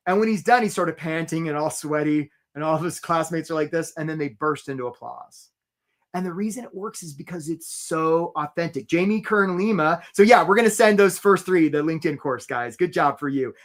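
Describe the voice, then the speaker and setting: Chatty man hosting a live webinar. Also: high voice. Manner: lively, chatty, greets viewers from the chat by name; tells stories to make his points.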